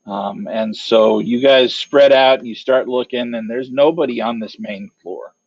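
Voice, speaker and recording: A man narrating a tabletop game as game master, hesitant, pausing often with fillers and restarts. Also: medium pitch, gravelly, no room sound. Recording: dull lo-fi dry mic.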